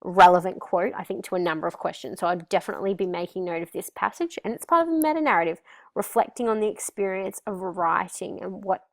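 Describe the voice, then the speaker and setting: An Australian woman teacher talks her students through a graphic novel, reading passages aloud and then unpacking them. Her voice sits low with a gravelly edge, and she speaks conversationally, often pausing to think. The sound is close and dry. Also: no room sound. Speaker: English teacher.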